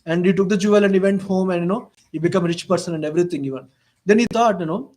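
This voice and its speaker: A man with a high-pitched voice delivers a storytelling lecture on scripture. His English has a non-native phrasing, and he fills his sentences with "you know" as he retells stories. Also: racing, a little mellow. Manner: frequent "you know" fillers, retells stories with quoted dialogue. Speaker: lecturer on the Bhagavad-gita.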